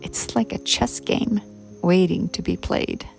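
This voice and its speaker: A woman judge giving spoken feedback and praise on student stories in a measured way. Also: on the low side, gravelly, darkish tone, soft background music. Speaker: contest judge.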